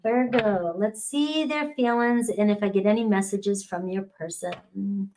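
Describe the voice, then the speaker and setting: Slow, chatty woman reading tarot. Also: medium pitch, dark tone, slight background noise, poor audio. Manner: chatty, laughs often, slow and drawn-out. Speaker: tarot reader. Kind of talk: casual tarot reading monologue.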